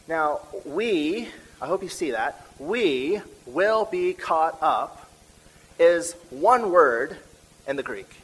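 A man with a Midwestern American accent preaching a teaching sermon, slowing down to stress key words. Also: a little high, fairly bright tone, poor audio.

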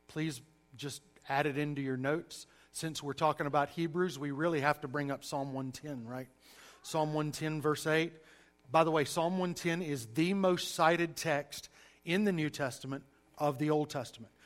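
A man with a Southern US accent giving an emphatic, lively sermon-style Bible lesson to a church group, with folksy asides. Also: a little high. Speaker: preacher teaching a class.

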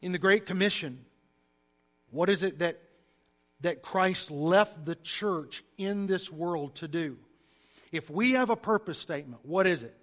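A man with a Southern US accent teaches scripture the way a preacher does, leaning hard on key words and dropping folksy asides. His voice sits a little higher than most men's. He sounds like he is speaking to a church class. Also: a little slow. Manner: animated, emphatic, folksy asides. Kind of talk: sermon-style Bible teaching.

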